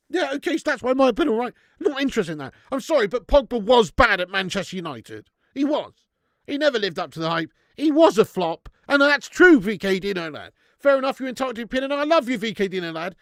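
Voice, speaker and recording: A man's voice: high-pitched, big pitch swings, fast, fairly bright tone, dry recording, studio quality. A man hosting a live football watch-along, reading out viewer chat and ranting bluntly with plenty of swearing. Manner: reads out viewer chat messages.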